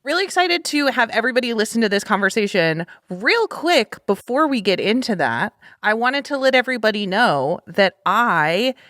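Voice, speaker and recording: An upbeat woman co-hosts a casual podcast, dropping quick jokes and giggles. Her voice rises and falls in lively swoops, recorded close and dry. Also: fairly high pitch, dry recording. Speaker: podcast co-host.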